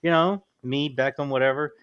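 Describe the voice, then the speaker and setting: A man hosting a podcast, telling stories in casual chat, animated and swearing freely. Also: mid-range voice, moderate pace, clean tone. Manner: animated storyteller, swears freely, says dude a lot. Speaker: podcast host. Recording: dull lo-fi sound.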